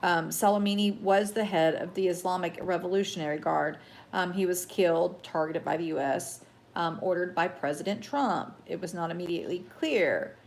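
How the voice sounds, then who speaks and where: A woman with a fairly low voice hosts a casual live headline show. She reads the news haltingly, full of ums and restarts, talks to her chat and gets worked up when opinions come in. A faint hiss sits under her voice. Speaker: host.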